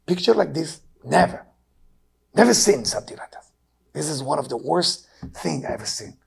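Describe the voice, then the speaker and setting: An Israeli man in his sixties teaches Kabbalah in an impassioned sermon. His gravelly, very raspy voice rises to urgent pleading, then sinks to hushed, heavy tones. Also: very animated, normal speed. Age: 60s. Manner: emotional, swinging from loud urging to low hushed tones.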